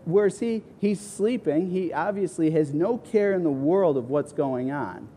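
A middle-aged man, a pastor, preaching a sermon and acting out the people he quotes with sudden high, loud bursts. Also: animated, unhurried, slight background noise. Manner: acts out quoted voices with big pitch swings.

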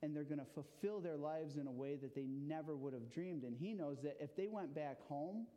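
A man's voice: a little high, moderate pace, mellow. A man preaching to a gathered group, telling a story in a playful, conversational way with frequent rhetorical check-ins. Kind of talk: storytelling sermon. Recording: long hall reverb.

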